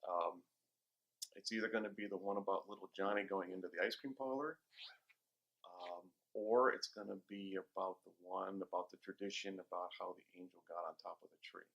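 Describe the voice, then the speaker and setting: A man with a very low voice tells a joke to the camera. His voice is husky and rough. He takes his time, dropping in ums as he goes. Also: fairly even intonation, moderate pace, fairly bright tone, highs cut off.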